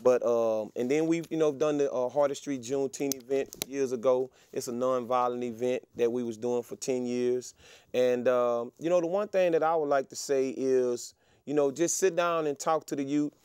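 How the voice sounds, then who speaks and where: A middle-aged Texan guest tells a story in an interview with a mid-range voice at a moderate pace. His delivery is casual and animated, packed with fillers and restarts.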